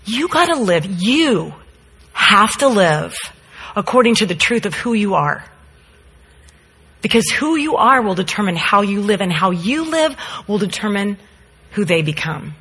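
A woman's voice: mid-range voice, unhurried, husky. A woman, a mother, telling a story in a sermon and acting out quotes. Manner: animated storyteller, acts out quotes. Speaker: speaker, mother. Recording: long hall reverb.

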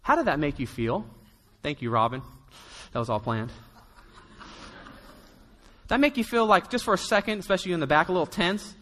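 A man with a high, bright voice preaches a sermon, telling the story in a loose, chatty way and slipping into the voices of its people. His words ring out through a hall with a long reverb. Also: big pitch swings, a little fast, long pauses. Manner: storytelling, conversational, acts out quotes. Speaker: pastor.

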